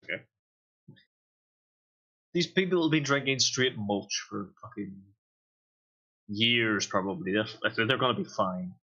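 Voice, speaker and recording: A man plays a tabletop game, joking and swearing casually as he talks. His voice is low and bright, coming through a dull, lo-fi mic. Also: slow pace, long pauses. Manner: jokey, laughing, swears casually. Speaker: player.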